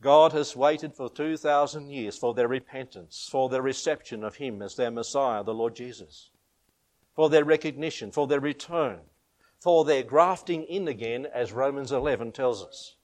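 A man's voice: medium pitch, normal speed, a little mellow. A man preaching a sermon, chuckling often and rising and falling for emphasis.

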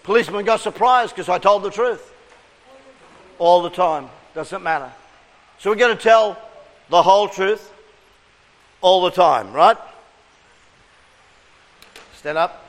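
A man's voice: high voice, expressive, slow, pauses often, in a large hall. A man preaching an interactive sermon, coaxing the congregation with questions and call-and-response.

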